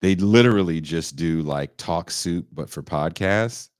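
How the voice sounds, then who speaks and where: A man hosting a podcast, delivering a loud, profane comedic rant that swings into shouting. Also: sits low, a little slow, no room sound, studio quality. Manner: loud, swearing, swings into shouting and mock voices. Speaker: podcast host.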